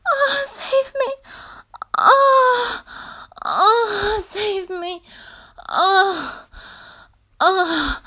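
A woman voicing a proud, defiant young captive princess in an adult audio role-play, breathy and gasping as she pleads. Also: high voice, a bit bright, exaggerated voice.

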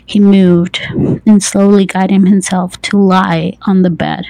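Slow, gravelly whispering woman. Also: mid-range voice, little pitch movement, no echo, rough recording. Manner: soft, breathy, intimate reading with quiet laughs. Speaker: narrator. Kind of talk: whispered adult story narration.

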